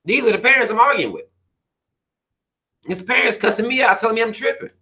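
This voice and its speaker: A man's voice: very high voice, fast, bright, forceful tone. A man hosting a livestream, reading viewer comments aloud and ranting at them in a profane, preachy way, firing questions at his listeners. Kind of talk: livestream rant.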